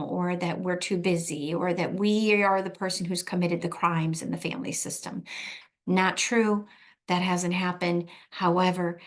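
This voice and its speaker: Middle-aged woman, lower register, earnest and emphatic advice-giver who slows down for stress. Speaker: therapist. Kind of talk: direct-to-camera advice talk.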